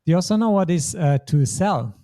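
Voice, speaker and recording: A man's voice: sits high, expressive, brisk, warm tone. A man teaching a German lesson, explaining grammar patiently step by step. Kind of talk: language lesson.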